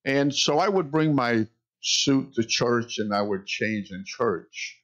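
A male pastor preaching a sermon, telling stories in an unhurried way with wry jokes. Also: mid-range voice, animated, a bit bright. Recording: dull lo-fi sound.

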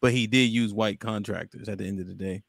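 A man's voice: on the low side, fairly even intonation, quick pace, vocal fry, dry recording, studio quality. A man hosting a casual panel podcast, talking bluntly with some profanity. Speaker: podcast host.

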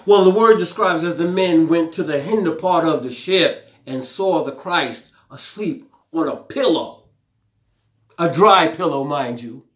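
Fervent preacher in an echoey room. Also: male voice, on the high side, unhurried, a bit bright. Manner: fervent, rising exclamations and repeated phrases; paraphrases the scripture aloud in a pleading voice. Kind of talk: sermon.

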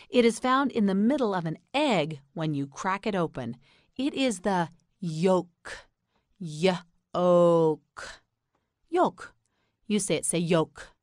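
A woman with an American accent teaching English pronunciation, saying each word slowly and clearly and asking the listener to repeat it. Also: medium pitch, no room sound, clean studio sound. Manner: repeats words slowly and asks the listener to say them back. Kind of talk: slow, clear scripted lesson narration.

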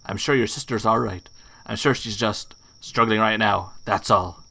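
A man's voice: on the low side, steady tone, normal speed, gravelly, pushed and bright, heavily acted. A man reading the reassuring lines of a caring friend in his own plain voice.

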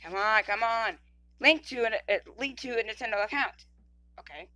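Bright-voiced stammering woman playing a game. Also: fairly high pitch, moderate pace. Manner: stammering, repeats words, reads on-screen text aloud. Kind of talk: casual gameplay commentary.

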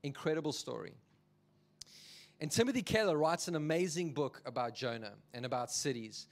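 A man preaching a sermon as a pastor, telling the story in an animated, jokey way. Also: on the high side, normal speed.

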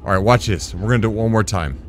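A man hosting his gaming channel, commenting on his gameplay in an excitable way, laughing often and apologizing. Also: on the low side, fast talker, slight background noise.

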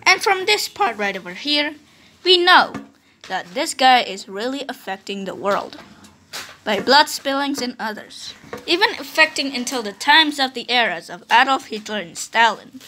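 High bouncy woman with an indonesian accent, slow bright narration for a history cartoon, faint hiss. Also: animated. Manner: playful, jumps into shouted character bits.

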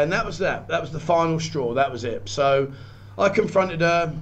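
A man recounts his own story in a slightly raised voice, earnest and halting, doubling back on words when it gets emotional. A faint hiss of noise sits under his voice. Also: fairly high pitch. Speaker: guest telling his story. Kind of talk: personal storytelling.

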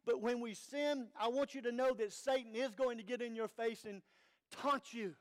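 A man's voice: extremely high pitch, fairly even intonation, moderate pace. A man preaching an earnest, conversational sermon as pastor, with rhetorical questions to the congregation.

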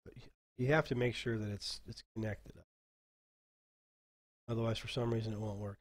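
Clicking through software at his desk mic, a man runs a casual screen-share tutorial for dungeon masters, rambling and halting as he goes. His voice sits on the low side with fairly even intonation.

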